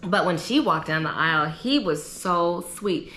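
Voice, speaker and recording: A woman's voice: on the low side, measured pace, a little hiss or hum. Young woman, chatty opinionated recap vlogger, echoey room. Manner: chatty, opinionated, animated asides. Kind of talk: casual chat.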